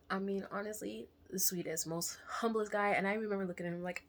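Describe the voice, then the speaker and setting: A young woman telling a candid personal story to camera in a chatty, animated way, sometimes dropping to a whisper for asides. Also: mid-range voice, brisk, few pauses. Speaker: vlogger.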